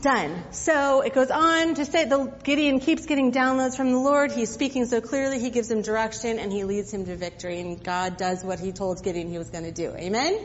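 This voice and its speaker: A woman's voice: on the high side, fairly even intonation, a little fast, few pauses, a little hiss or hum. A woman pastor giving a sermon, retelling the story in a conversational way with casual asides to the congregation. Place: church sanctuary. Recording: dull audio with long reverb.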